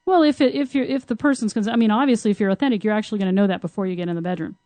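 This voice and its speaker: Woman chatting frankly on a podcast, laughs a lot, mellow warm voice, dry close sound. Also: medium pitch, racing, no room sound. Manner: frank and animated, laughs often. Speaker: podcast co-host, tantra teacher. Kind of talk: casual conversation.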